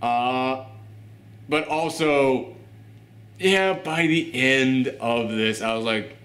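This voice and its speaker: Joking, animated man in an echoey room. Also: mid-range voice, very slow. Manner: animated, joking, acts out scenes in little voices. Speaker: review show host. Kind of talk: casual spoken TV review. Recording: roomy echo.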